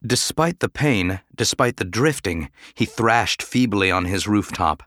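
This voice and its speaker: A man giving measured, dramatic audiobook narration. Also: fairly low pitch, expressive, a bit bright, no room sound, clean studio sound.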